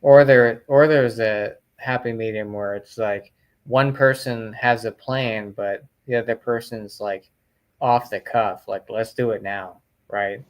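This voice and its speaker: A man's voice: fairly low pitch, fairly even intonation, unhurried. A man co-hosting a podcast in casual chat, laid-back and agreeable, mostly giving short replies. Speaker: podcast co-host.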